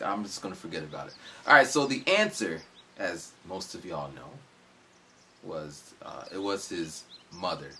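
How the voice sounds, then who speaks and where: Lively man in his forties rambling to camera. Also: on the low side. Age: 40s. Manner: rambling, storytelling, acts out quoted people. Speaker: vlogger. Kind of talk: casual vlog monologue.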